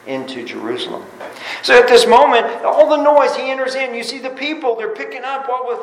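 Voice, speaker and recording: A man with a high voice preaches in a church, the sound ringing around a roomy space. He talks animatedly, leaping from loud bursts to low asides and often doubling words as he restarts. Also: animated, fairly quick, creaky. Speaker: pastor. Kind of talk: sermon. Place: church sanctuary. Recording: roomy echo.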